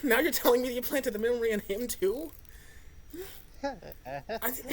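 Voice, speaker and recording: A host reacting to a cartoon episode, ranting in an animated way and laughing often. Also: mid-range voice, measured pace, pauses often, background noise. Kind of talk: reaction video commentary.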